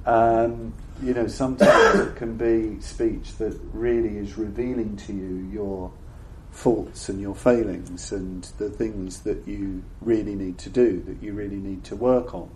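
An older man giving a reflective Buddhist dharma talk to an audience. He speaks in a halting, thoughtful way and often repeats words while he searches for the phrasing. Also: fairly low pitch, fairly even intonation, darkish tone. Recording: roomy echo with faint background noise.

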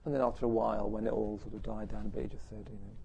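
A man's voice: lowish voice, flat delivery, very fast, dark tone. A middle-aged man giving a reflective personal talk to an audience, musing and self-deprecating. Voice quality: gravelly, husky.

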